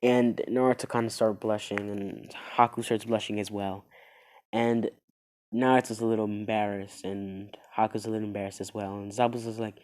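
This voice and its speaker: A man telling an improvised fan story in a meandering, halting way, full of fillers and restarts. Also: fairly low pitch, level tone, a little mellow.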